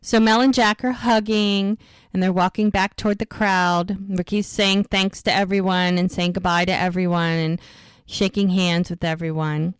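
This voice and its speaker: A woman's voice: lowish voice, little pitch movement, moderate pace, smooth, no echo. A woman co-hosting a podcast, chattily retelling an episode scene by scene with frequent fillers. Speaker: podcast co-host. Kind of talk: casual episode recap.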